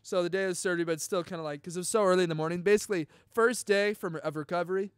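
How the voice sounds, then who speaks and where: A young man hosting a podcast, excitedly telling a personal story in casual chat, full of dude and bro. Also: high-pitched, racing, clean tone, no room sound, clean studio sound. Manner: chatty and excitable, peppers talk with dude and bro. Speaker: podcast host.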